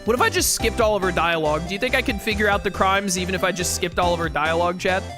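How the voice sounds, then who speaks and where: A woman's voice: lowish voice, fast talker, music in the background. A woman streamer giving sarcastic, playful gaming commentary. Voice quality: sarcastic, playful, mock-angry.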